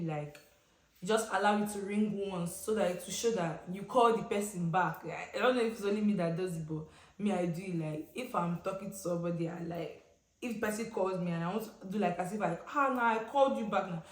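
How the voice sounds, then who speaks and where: A young Nigerian woman vlogger telling a casual storytime, chatty and expressive, with slang and pidgin asides. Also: on the low side. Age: young adult. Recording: roomy echoey room.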